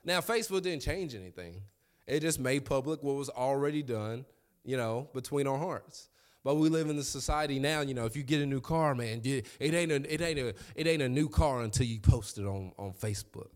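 A man's voice: mid-range voice, animated, fairly quick. A young man, preaching a sermon in a conversational, storytelling way with asides to the congregation. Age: young adult.

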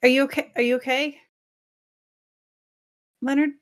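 A woman's voice: sits high, steady tone, measured pace. A woman playing in a tabletop game, speaking in a hesitant, reassuring way. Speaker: player.

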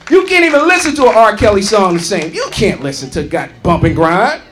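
A man doing a stand-up comedy set, brash and profane, shouting and mimicking singers. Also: high-pitched, sing-song, a little fast, a little hiss or hum. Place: comedy club stage. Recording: live club recording with crowd. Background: audience laughing and clapping.

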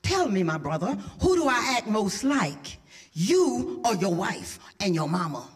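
Middle-aged woman pastor, slow and lively sermon, whispers building to shouts. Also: mid-range voice. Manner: impassioned preaching, dropping to whispers then rising to shouts.

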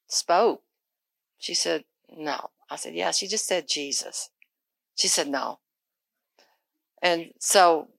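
A woman pastor telling a testimony in a sermon, going hushed and intense in the story, then lifting into preaching. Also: lowish voice, creaky, dry recording.

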